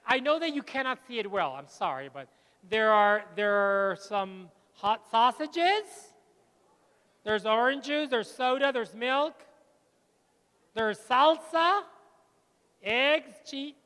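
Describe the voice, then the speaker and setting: A middle-aged man, giving a lively plenary talk to teachers and telling anecdotes. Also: very high-pitched, takes it slowly, pauses often. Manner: lively, switches between English and Spanish, tells anecdotes. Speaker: conference speaker. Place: large lecture hall. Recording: long hall reverb.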